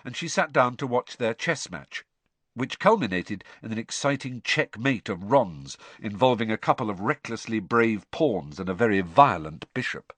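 Guy reading an audiobook, lots of pitch movement, really dry close sound. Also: moderate pace, dry recording. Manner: expressive storytelling. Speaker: audiobook narrator. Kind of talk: scripted narration.

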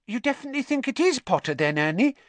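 Guy doing a worried little schoolgirl, way higher voice, hesitant, dry close mic. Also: huge pitch swings, unhurried, dry recording, exaggerated voice. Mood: anxious. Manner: anxious, uncertain. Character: anxious young schoolgirl with pigtails.

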